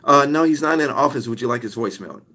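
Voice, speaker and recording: A man's voice: mid-range voice, fast, bright, forceful tone, slightly rough. A man voicing a polite female office receptionist who answers a phone call in a matter-of-fact way.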